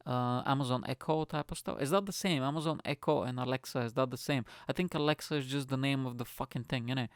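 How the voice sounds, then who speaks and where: A man's voice: mid-range voice, fast, hardly any pauses, clean tone, dry recording. Rambling, profane man hosting a podcast. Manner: rambling, profane, animated storytelling. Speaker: podcast host. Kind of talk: casual solo podcast rant. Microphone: studio microphone.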